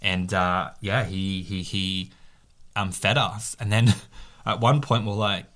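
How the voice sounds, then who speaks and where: A man co-hosting a podcast, telling a story in a lively, casual way with quick asides. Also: sits low. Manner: animated storyteller, quick asides and reenacted quotes. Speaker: podcast co-host.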